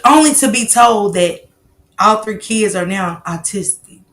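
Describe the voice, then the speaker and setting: A woman hosts a casual live stream. Her voice is bright and forward, and she tells stories loudly and animatedly, full of slang and swearing. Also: mid-range voice, lively intonation, unhurried.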